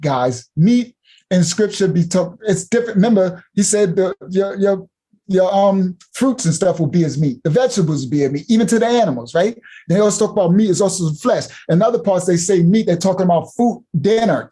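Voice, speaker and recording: High-pitched emphatic preacher man. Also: husky. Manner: emphatic, repeats and hammers points, rises to shouts; casual vernacular speech. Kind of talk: sermon.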